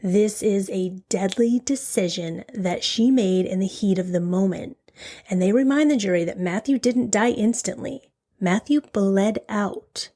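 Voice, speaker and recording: Woman telling a true crime story, breathy drops. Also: medium pitch, dark tone. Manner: dramatic, drops to a whisper for emphasis; slows right down on key phrases. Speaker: true crime podcast host. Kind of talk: scripted true crime narration.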